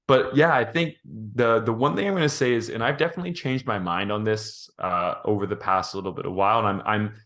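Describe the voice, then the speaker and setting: A man co-hosting a podcast, thinking out loud in a rambling, thoughtful way with many restarts. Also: lowish voice, fairly quick, few pauses. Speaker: podcast co-host. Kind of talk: casual podcast chat.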